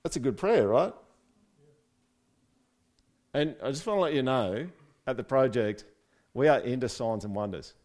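A man's voice: medium pitch, expressive, moderate pace, long pauses, a little mellow. A man preaching a casual, conversational sermon, with joking asides and frequent "right?" check-ins to his listeners. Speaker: pastor.

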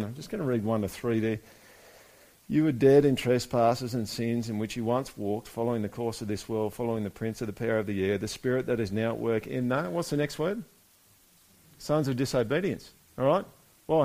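A man's voice: on the high side, a little mellow. A man preaching a sermon in a church, talking casually and throwing direct questions at the congregation. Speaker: pastor.

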